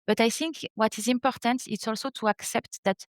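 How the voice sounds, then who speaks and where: A woman's voice: a little high, steady tone, fairly quick, dry recording. French woman explaining with earnest enthusiasm. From France. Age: 30s. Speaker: French teacher, podcast guest. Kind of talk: interview conversation.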